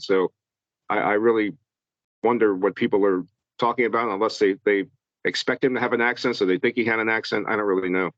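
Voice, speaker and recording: Low-voiced man, muffled remote line. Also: a bit bright, dry recording. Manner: halting, repeats words while thinking. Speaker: guest, true-crime author. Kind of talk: interview answers.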